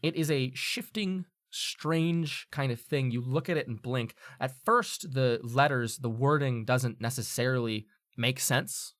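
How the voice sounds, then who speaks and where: A man's voice: mid-range voice, a little slow, a bit bright, dry recording, studio quality. A man narrating as game master of a tabletop game, casual and loose with many fillers and restarts.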